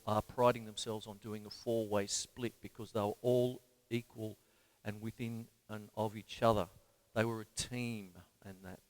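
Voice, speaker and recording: A man's voice: medium pitch, no room sound. An Australian man hosting a live drum lesson, talking with rambling enthusiasm and scatting drum patterns and counting beats aloud. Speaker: drum teacher and show host.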